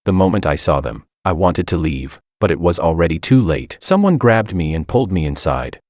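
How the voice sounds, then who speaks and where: A man's voice: sits low, sing-song, normal speed, hardly any pauses, a little mellow, no echo, studio quality. A man narrating a dramatic story in the first person, in an earnest, heartbroken manner.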